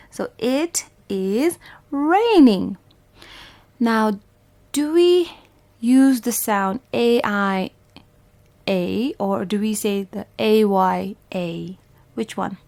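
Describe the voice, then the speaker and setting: A woman from Bhutan teaches young children phonics at a very unhurried pace, spelling out letter sounds and repeating each word with patience. Her voice sits in a middle range and is recorded close and dry, with no room around it. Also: medium pitch, darkish tone, dry recording. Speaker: primary school English teacher.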